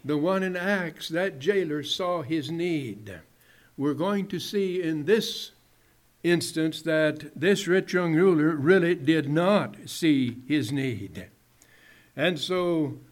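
Slow, high-voiced male preacher. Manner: measured preaching, drops low and soft on phrase ends. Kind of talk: sermon.

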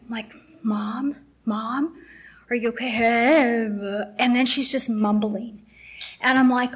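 A woman's voice: fairly high pitch, steady tone, measured pace, fairly bright tone. A middle-aged woman sharing an emotional, rambling personal testimony with a faith group, acting out the dialogue as she tells it.

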